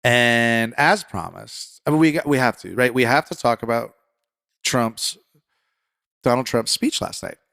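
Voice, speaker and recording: A man hosting a political commentary podcast, talking conversationally and getting fired up, then settling into calm reassurance. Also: medium pitch, unhurried, gravelly, no echo, clean studio sound. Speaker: podcast host.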